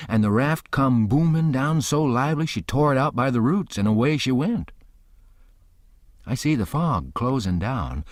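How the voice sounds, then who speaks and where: A man's voice: mid-range voice, no echo, clean studio sound. A man narrating an audiobook in the first person, telling the story in a folksy rural dialect.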